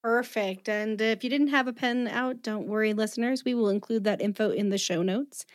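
A woman hosting a podcast, effusive and quick to laugh, thanking guests and listeners. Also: fairly high pitch, dry recording, clean studio sound. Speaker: podcast host. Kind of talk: casual podcast chat.

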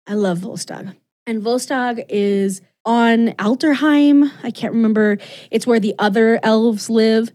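A woman's voice: on the high side, measured pace, a little mellow. A woman co-hosting a podcast, retelling a story in casual, enthusiastic chat full of fillers. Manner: enthusiastic, gushing, chatty with many fillers.

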